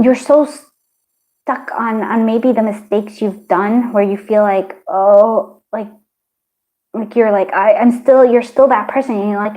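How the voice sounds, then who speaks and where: A woman with a somewhat higher voice gives a pick-a-card tarot reading. She speaks gently and encouragingly, rambling along with plenty of fillers and restarts. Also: low-quality recording. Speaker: tarot reader.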